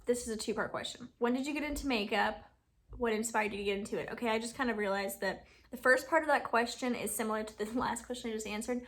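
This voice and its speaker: In a casual Q&A vlog, a beauty YouTuber in her 20s from Alabama rambles along quickly, peppering her speech with "like" and laughing often. Her voice is bright and slightly high.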